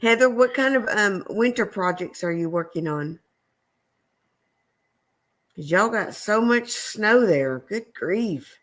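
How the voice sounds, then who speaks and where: A woman co-hosting a homestead livestream, chatting casually and easygoing with many pauses and fillers. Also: mid-range voice, expressive, fairly bright tone. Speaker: homestead channel co-host.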